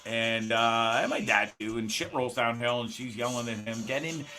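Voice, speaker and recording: A middle-aged Canadian man with a mid-range, sharp-toned voice hosts a rambling live-stream chat from a small home studio, speaking at a moderate pace with fairly even intonation. He's loose and profane, laughs often, and keeps restarting sentences, with faint music playing in the background.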